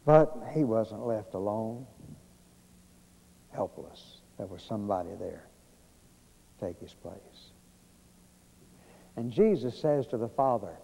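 A man preaches a storytelling sermon, folksy and unhurried, with many pauses and fillers. His voice is dark and mellow. A long church-hall reverb trails after each phrase. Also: lowish voice, expressive, vocal fry, husky. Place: church sanctuary.

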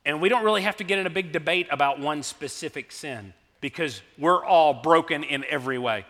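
A middle-aged man delivers a sermon, telling stories in a chatty, unpolished way with fillers and restarts. His voice sits a little high and sounds bright and forceful. The sound carries a long reverb, as in a large hall. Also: brisk. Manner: conversational, anecdotal, with fillers and restarts. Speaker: preacher. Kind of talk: sermon with storytelling.

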